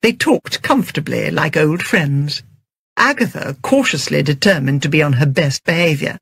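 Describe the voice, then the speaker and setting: Husky, creaky audiobook narrator. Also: medium pitch, moderate pace, no echo. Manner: steady, storytelling.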